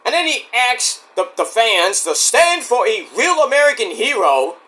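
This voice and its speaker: A man rambles through a casual wrestling show review, full of restarts and sudden shouted impressions. His voice sits high and swings widely in pitch, with a bright, forceful edge. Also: moderate pace. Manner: rambling, animated, acts out quotes loudly.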